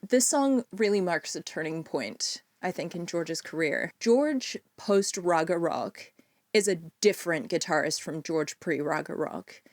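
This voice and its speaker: Picture a woman with a fairly low voice hosting a music podcast. She breaks songs down in an animated, analytical way, and the sound is close and dry with no room around it. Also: no room sound. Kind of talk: casual music discussion.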